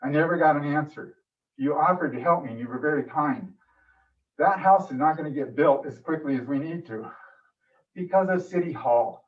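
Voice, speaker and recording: A man's voice: a little high, normal speed. Impassioned man pleading at a meeting. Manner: emotional, pleading, frustrated. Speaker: public commenter at a city meeting. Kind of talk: impassioned public comment. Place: council meeting room. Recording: distant dull room mic.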